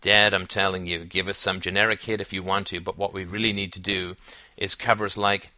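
Man playing a sarcastic teen boy, low voice, very bright tone, dry mocking delivery. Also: little pitch movement, a little fast, no echo. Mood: insistent. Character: wry teenage boy, sarcastic and clever. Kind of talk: audiobook character voice.

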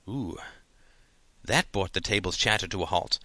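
A man's voice: low voice, animated, measured pace, pauses often, sharp tone, no room sound. A man reading a novel aloud as narrator, lightly shifting his voice for the characters, with a few slips and restarts. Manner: reads dialogue with small shifts, some slips and restarts. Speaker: audiobook narrator.

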